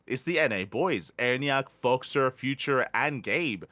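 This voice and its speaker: A man co-hosting a casual esports podcast, recapping results in a relaxed, hedging way and often affirming his co-host. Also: mid-range voice, a little slow, dry recording.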